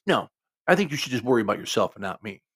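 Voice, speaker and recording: A man with a gravelly voice quoting a curt, hostile woman from a bad date, in short clipped replies. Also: on the low side, sing-song, quick pace, a bit bright, heavily acted. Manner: clipped, snappish quoted replies.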